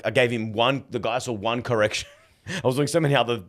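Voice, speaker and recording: A man in his thirties, a podcast guest telling casual stories, animated, acting out dialogue and saying "like" and "bro" a lot. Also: medium pitch, quick pace, a little hiss or hum. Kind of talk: casual storytelling.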